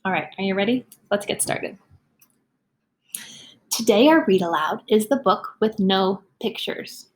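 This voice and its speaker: A woman teacher explaining how to run a read-aloud, then reading a silly picture-free book to children with playful, animated delivery. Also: medium pitch, measured pace, long pauses. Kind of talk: instructional talk and expressive read-aloud.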